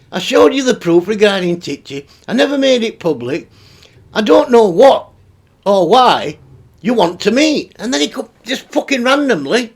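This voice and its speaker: A man's voice: sits high, big pitch swings, normal speed, husky. A middle-aged man, ranting through a commentary vlog, swearing freely and exasperated. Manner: sweary, exasperated, laughs between remarks. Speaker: YouTube commentary host.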